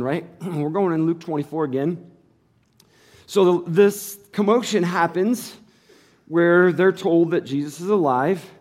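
A man preaching a sermon, retelling the passage like a story and acting out what the people said. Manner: swings from low and quiet to loud and high. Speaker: pastor.

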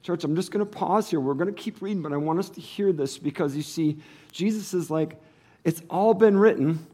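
Man preaching with a higher voice. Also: fairly quick, slightly rough. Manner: storytelling, acts out the people in the passage; swings from low and quiet to loud and high. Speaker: pastor. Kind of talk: sermon.

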